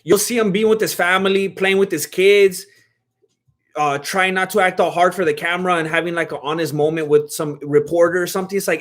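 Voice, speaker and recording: Brief: easygoing male streamer, slangy and chatty, fairly high voice, laughing as he reads chat. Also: fairly even intonation, a little fast, a bit bright. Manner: laid-back and slangy, reads chat questions aloud and laughs often. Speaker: fight watch-along streamer. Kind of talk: casual livestream chat.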